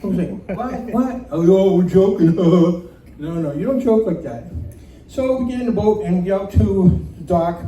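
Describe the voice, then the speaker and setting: High-voiced man telling a story live. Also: moderate pace, recorded from a distance. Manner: animated, laughs through the telling. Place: community center room. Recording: roomy hall recording from off-mic.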